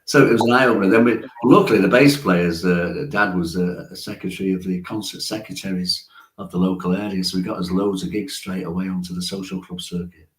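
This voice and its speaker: Brief: man, 60s, low-pitched storyteller with frequent chuckles, roomy echo. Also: steady tone, brisk. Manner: chatty storyteller, chuckles often. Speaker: musician guest. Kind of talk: casual interview chat.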